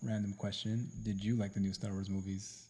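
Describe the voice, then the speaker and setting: A man's voice: lowish voice, flat delivery, brisk, dark tone, slightly rough. A young man hosting a casual podcast chat, jokey and rambling, steering between topics. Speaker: podcast host.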